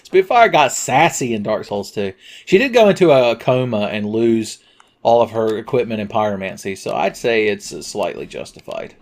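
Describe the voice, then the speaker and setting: A man's voice: lowish voice, expressive, moderate pace. A man giving let's play commentary, sarcastic and profane, rambling from joke to joke. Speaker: game commentator.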